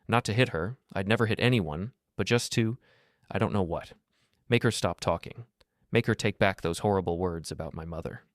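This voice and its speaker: A man narrating a first-person story in a steady, scripted storytelling voice. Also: low voice, moderate pace, dry recording, studio quality.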